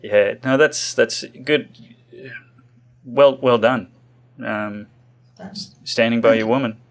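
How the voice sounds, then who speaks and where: A man hosting an interview, speaking haltingly with many restarts. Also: medium pitch, fairly even intonation. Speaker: interview host. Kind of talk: interview conversation.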